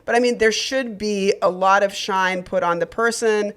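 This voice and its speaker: A podcast co-host chats casually, animated and laughing often while swearing freely. Her voice is mid-range and smooth, at a moderate pace.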